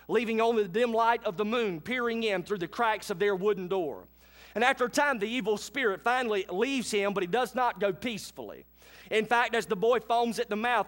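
A man preaches an earnest sermon in a fairly high voice. He retells the scripture scene vividly and turns to his congregation with direct questions. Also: fairly bright tone. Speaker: pastor.

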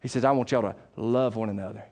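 A male pastor preaching a sermon, conversational and plain-spoken, moving between loud emphatic stretches and quiet asides. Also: fairly low pitch, fast.

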